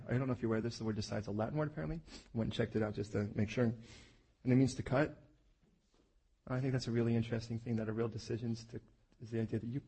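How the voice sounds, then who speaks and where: Man, preacher, husky voice, animated sermon storytelling, acts out scripture voices. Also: on the low side.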